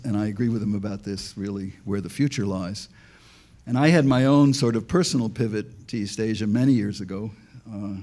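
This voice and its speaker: Older male ex-diplomat on a panel, warm mellow tone, wry storyteller who trips over his own words. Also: on the low side. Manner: dry joking, tells anecdotes, frequent restarts. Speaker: panel speaker, former diplomat. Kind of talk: public talk at an institute.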